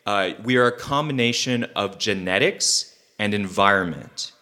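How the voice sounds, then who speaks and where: A young man gives a relaxed, conversational sermon in a fairly low voice with a bright, forceful edge. He rambles easily, fills pauses with ums and drops in joking asides. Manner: chatty, with many fillers and asides. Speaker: preacher. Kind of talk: casual sermon.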